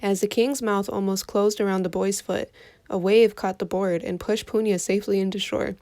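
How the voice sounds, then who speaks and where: Expressive woman reading a folktale. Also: medium pitch, moderate pace. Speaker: storyteller. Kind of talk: reading a folktale aloud for children.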